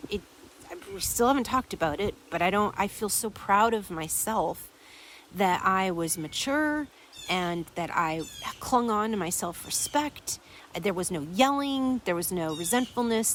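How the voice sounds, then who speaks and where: A woman's voice: medium pitch, a little hiss or hum. A woman hosting a podcast, telling a story and acting out what each person said. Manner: animated storytelling, acting out quoted dialogue. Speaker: podcast host. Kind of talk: storytelling to listeners.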